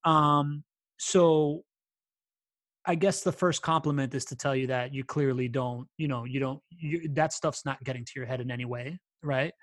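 A man's voice: mid-range voice, normal speed, fairly bright tone, no room sound, clean studio sound. A man hosting a podcast, laid-back and affirming in casual chat. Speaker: podcast host.

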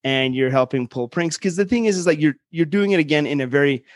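A man on a podcast telling a prank story with lively quoted voices. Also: a little high, fast talker, no echo, studio quality. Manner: animated storyteller, acts out quotes. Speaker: guest. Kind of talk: casual storytelling chat.

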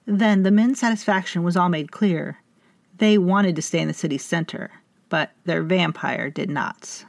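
Woman storyteller, formal measured delivery, dry wit, dead-dry recording. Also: on the low side, gravelly, no echo. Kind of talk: scripted fiction narration.

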